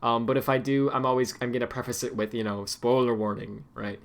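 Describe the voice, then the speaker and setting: A man's voice: medium pitch, steady tone, fairly quick, vocal fry. A man streaming, chatting casually and rambling with lots of fillers and restarts.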